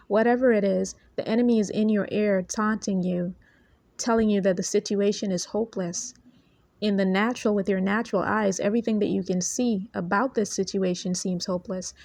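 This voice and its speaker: Woman minister, earnest, measured delivery of a prophetic word, dry close sound. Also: mid-range voice, gravelly, darkish tone, dry recording. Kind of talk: prophetic word to online viewers. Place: noisy spot.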